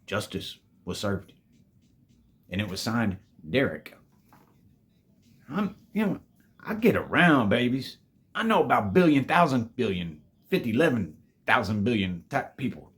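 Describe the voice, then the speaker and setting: A man's voice: medium pitch, very animated, moderate pace, fairly bright tone. A man casually telling a storytime tale to his viewers, laid-back and full of swearing, calling them babies. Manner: profane, laid-back, calls listeners "babies".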